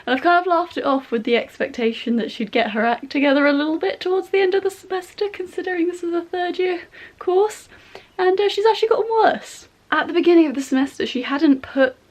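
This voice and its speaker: Young woman, vlogger, fairly high voice, exasperated, chatty, casual. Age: young adult. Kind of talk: casual vlog chat. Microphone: compact camera.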